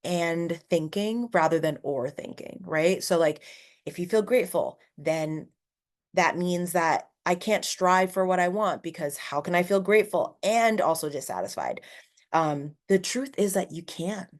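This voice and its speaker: A woman's voice: fairly low pitch, animated, unhurried. A woman hosting a solo motivational podcast, talking casually and earnestly with lots of "like" fillers and rambling asides. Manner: earnest and encouraging. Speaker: podcast host.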